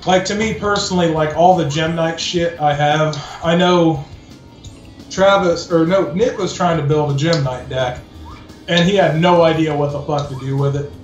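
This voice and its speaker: A man's voice: a little high, normal speed. Laid-back young man in an echoey room. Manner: rambling, laid-back, fillers. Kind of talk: casual chat. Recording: roomy echo, game music.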